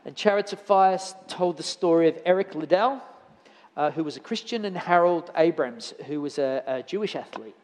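A man's voice: a little high, moderate pace, darkish tone. A man giving a conversational sermon in church, telling anecdotes with frequent restarts. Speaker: lay preacher. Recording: church hall reverb.

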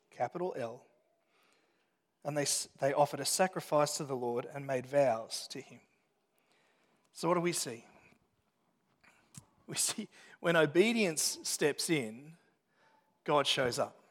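A fairly high-voiced man preaches a sermon, his words trailing into the long reverb of a church hall. He talks it through conversationally, with restarts and friendly asides. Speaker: pastor.

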